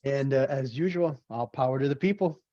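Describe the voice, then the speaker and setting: Calm male host, dull lo-fi sound. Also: mid-range voice, fairly quick, dry recording. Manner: calm, affirming, brief interjections. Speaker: host of a reading and discussion series. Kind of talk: casual hosted discussion.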